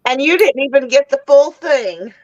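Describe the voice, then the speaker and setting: Female co-host joining a book chat by video call; high, slow, playfully protesting, lo-fi and dry sound. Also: lively intonation, dry recording. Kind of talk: casual live-stream chat. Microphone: remote video call.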